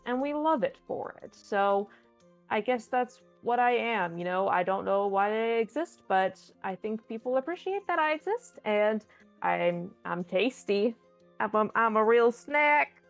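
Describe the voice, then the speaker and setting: A woman's voice: mid-range voice, gravelly. A woman standing in as host of a live tabletop game stream, answering viewer questions in a playful, chatty, rambling way with many restarts. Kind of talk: casual live-stream chat.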